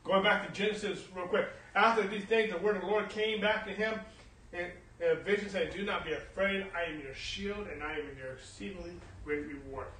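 High, bright-voiced man preaching in an echoing church. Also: fairly quick, distant mic. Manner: preaching, swings from quiet reading to loud emphatic calls. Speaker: pastor. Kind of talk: sermon. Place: church hall. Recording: roomy echo, voice from off the mic.

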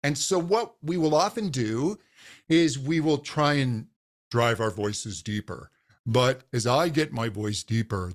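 A man, a voice coach guest on a podcast, patiently explaining how the voice works and demonstrating exercises. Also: medium pitch.

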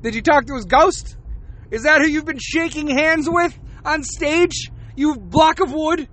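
A man's voice: very high-pitched, a little slow, fairly bright tone. A man hosting a podcast, ranting in a casual, profane monologue and laughing between rants. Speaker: podcast host.

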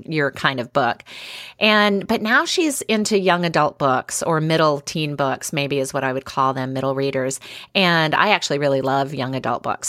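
Chatty middle-aged woman, low and dry. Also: no echo. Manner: chatty, animated storytelling with frequent fillers. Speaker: podcast co-host. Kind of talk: casual chat.

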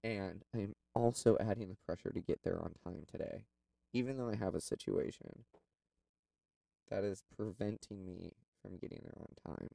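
Gravelly low-voiced man telling a story. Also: normal speed, mellow, dry recording, distant mic, poor audio. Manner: candid, rambling storytelling with many fillers. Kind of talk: personal reflective monologue.

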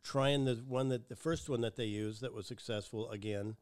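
Male co-host, mid-pitched, easygoing and dry, trades quick jokes. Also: a little mellow, clean tone, no echo. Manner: easygoing, dry joking, many short backchannels. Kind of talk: casual chat.

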